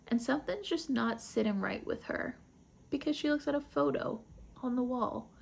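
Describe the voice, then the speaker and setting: Woman host, casual book-club recap, light fry in the voice. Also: on the high side, darkish tone. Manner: chatty, rambling retelling with asides.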